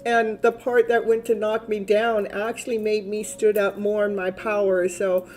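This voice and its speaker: A woman's voice: mid-range voice, level tone, normal speed, darkish tone. A woman, a tarot reader hosting a live stream in casual, rambling chat, laughing often.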